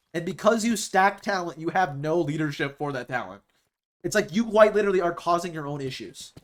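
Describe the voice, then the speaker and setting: A man's voice: on the high side, a bit bright. A young man streaming, chatting casually and rambling about esports rosters, restarting his sentences often.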